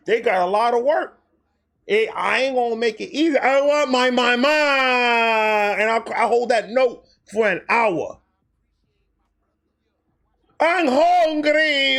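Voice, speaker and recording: A man with a high-pitched voice tells a comedic storytime monologue. He is animated and profane, jumping into quoted voices as he goes. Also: creaky. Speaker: storytelling host.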